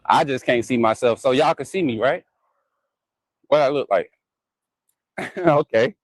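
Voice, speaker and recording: A man's voice: mid-range voice, animated, a little slow, dry recording, low-quality recording. A man hosting a live sports talk stream, chatty and laughing often as he talks straight to his viewers. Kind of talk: casual live-stream chat.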